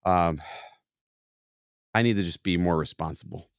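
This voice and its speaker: A man hosting a casual live stream, tipsy and rowdy, swearing and laughing loudly. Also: deep voice, normal speed, clear, resonant tone, no echo, clean studio sound. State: tipsy from drinking beer. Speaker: streamer, channel host.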